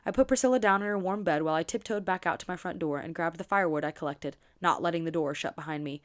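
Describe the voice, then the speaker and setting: Her voice sits on the lower side as she performs a romance novel for her book channel. She reads with plenty of expression and throws in short personal remarks along the way.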